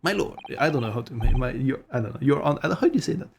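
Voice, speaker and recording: A man's voice: mid-range voice, lively intonation, very fast, vocal fry, background noise. A man streaming a game, chatting casually in a rambling, profane, self-mocking way. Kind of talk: casual gaming commentary. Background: game music.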